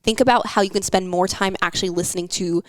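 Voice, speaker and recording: A woman's voice: mid-range voice, fast talker, no room sound. A young woman hosting a wellness podcast, talking casually with lots of fillers and an encouraging tone. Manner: chatty, filler-heavy, encouraging.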